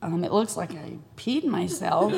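A woman's voice: mid-range voice, slow pace, vocal fry. A young woman from Tennessee telling a story in an interview, swearing freely and acting out the quoted voices. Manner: profane, animated, acts out quoted voices. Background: background music.

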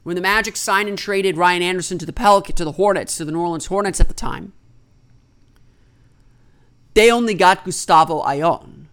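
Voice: mid-range voice, normal speed, pauses often, a bit bright, clear, resonant tone. Solo basketball analyst explaining trades. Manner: explanatory, thinking aloud, stresses opinions firmly. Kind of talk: solo sports commentary.

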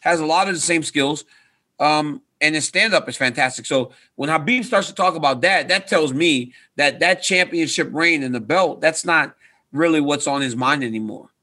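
A man in his thirties speaks earnestly and steadily, pitched a little high, with a bright, forceful tone. He keeps checking in with the listener as he explains himself. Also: moderate pace. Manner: earnest, repeats "right?" for emphasis. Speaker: retired fighter and coach, guest. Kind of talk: casual interview talk.

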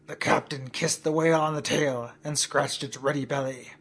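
A man narrating a comic story in a deadpan storytelling manner. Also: on the high side, normal speed, hardly any pauses, breathy edge.

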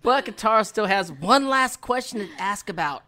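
A man's voice: high voice, animated, moderate pace, bright, forceful tone. A man co-hosting a podcast, recapping an episode in casual chat with playful, slangy jokes. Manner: playful, joking asides in slang. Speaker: podcast co-host.

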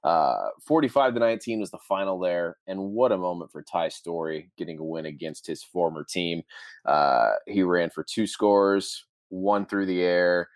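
A man with a very low voice hosts a casual football podcast. He talks in an easygoing way, with plenty of "uh"s between thoughts. The sound is dry and close, with no room echo. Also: moderate pace. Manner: conversational, easygoing, frequent "uh" fillers. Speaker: podcast co-host. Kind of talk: casual sports podcast chat.

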